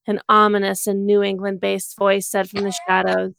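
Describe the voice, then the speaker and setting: A woman reading a comedic story aloud in a deadpan storytelling manner on a close studio mic. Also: mid-range voice, moderate pace, vocal fry, hardly any pauses, clean tone, dry recording. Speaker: co-host reading fan fiction.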